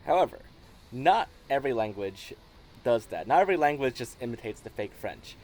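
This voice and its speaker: A man hosting a gaming video, explaining in a relaxed, casual way, with frequent restarts. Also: medium pitch, fairly quick, a little hiss or hum. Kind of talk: casual commentary.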